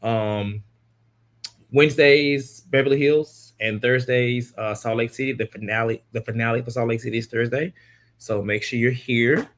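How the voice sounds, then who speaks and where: A man hosting a live podcast, relaxed and easygoing, giving short affirmations and signing off casually. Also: mid-range voice, moderate pace. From California. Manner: relaxed, brief affirmations, easygoing sign-offs. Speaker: podcast host.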